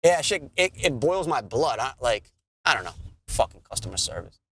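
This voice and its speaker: A man's voice: mid-range voice, normal speed. A man, co-hosting a podcast and ranting in casual, profane chat. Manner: animated, swearing ranter. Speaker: podcast co-host.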